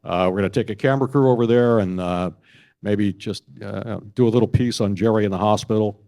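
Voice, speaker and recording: An older man giving an award acceptance speech, telling stories in a measured, anecdotal way. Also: lowish voice, gravelly, mellow. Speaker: award honoree. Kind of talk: after-dinner speech.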